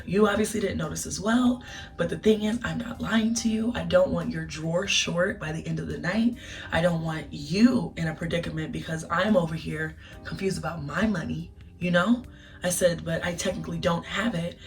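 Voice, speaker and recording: A young woman telling a casual storytime vlog, animated and emotional, laughing through tears. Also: on the low side, moderate pace. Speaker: vlogger. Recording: distant mic with music behind.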